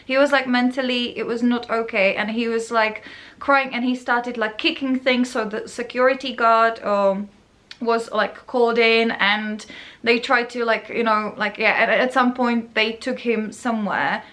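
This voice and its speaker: A woman's voice: a little high, steady tone, unhurried, a bit bright. A woman hosting a podcast, casually telling a personal story in a rambling way full of fillers. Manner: rambling, many fillers, acts out other people's voices. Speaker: podcast host.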